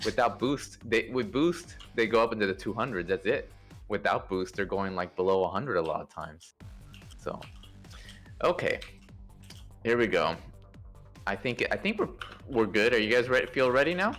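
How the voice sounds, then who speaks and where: His pitch on the low side and his speed normal, a man casually sets up a space game play-test over voice chat with faint music in the background. He explains the maneuvers instructively and at ease, often using fillers and restarting sentences.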